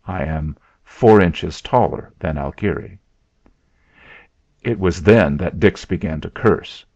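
A man narrating a first-person story in a slow, deliberate way. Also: sits low, darkish tone, no room sound. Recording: dull lo-fi recording.

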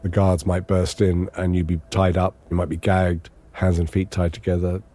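An English man recounting a long ordeal in measured, understated, wry first-person testimony. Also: deep voice, little pitch movement, dark tone. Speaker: interviewee recounting his captivity.

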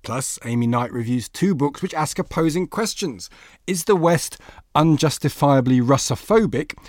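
A man's voice: mid-range voice, no room sound, clean studio sound. A man hosting a literary podcast, reading introductions and chatting with a guest. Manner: lively, reads intros then banters. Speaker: podcast host. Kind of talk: literary magazine podcast chat.

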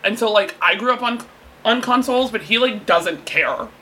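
A woman's voice: mid-range voice, animated, normal speed, pushed and bright, slight background noise. A woman co-hosting a podcast, chatting casually with a friend. She teases and jokes, swears without a second thought, and breaks into laughter often. Her delivery is loose and playful. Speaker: podcast co-host. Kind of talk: casual chat.

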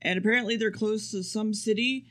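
A man's voice: high voice, fairly even intonation, fairly quick, pushed and bright. A man co-hosting a podcast, casually recapping an episode in a rambling, profane way. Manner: rambling and profane, acts out quotes. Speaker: podcast co-host.

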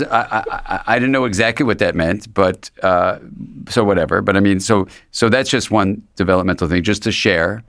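A man's voice: lowish voice, normal speed, gravelly, fairly bright tone, no echo. A man, a psychiatrist being interviewed, talking in a thoughtful, meandering way with frequent restarts. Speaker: psychiatrist and guest. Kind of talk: reflective conversational interview.

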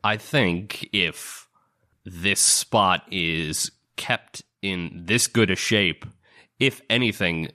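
A man's voice: low voice, bright, forceful tone. A man playing a tabletop game, chatting casually and joking with the table. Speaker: player.

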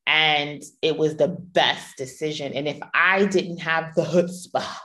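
Low-voiced woman, candid and playful. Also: fairly even intonation, measured pace, pushed and bright. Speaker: podcast host. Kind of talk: personal storytelling monologue.

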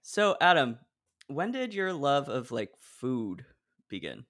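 A male podcast host from Oregon keeps the talk loose and chatty, telling little stories with hesitant restarts. His voice has an everyday middle pitch. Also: very animated, slow, fairly bright tone. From Oregon, USA. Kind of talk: casual chat.

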